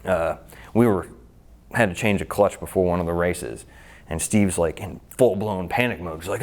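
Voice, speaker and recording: A man's voice: low voice, a little fast, darkish tone. A man who races motorcycles, telling rambling stories in a casual interview, laughing often and saying "like" a lot. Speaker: motorcycle racer.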